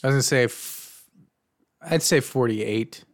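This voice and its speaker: A young man co-hosting a casual movie review podcast, animated and swearing freely, retelling scenes with quoted lines. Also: mid-range voice, unhurried. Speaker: podcast co-host.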